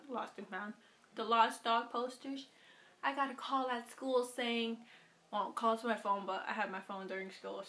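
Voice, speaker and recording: A young woman vlogging casually to camera, playful and animated, slipping into baby talk with her dog. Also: fairly high pitch.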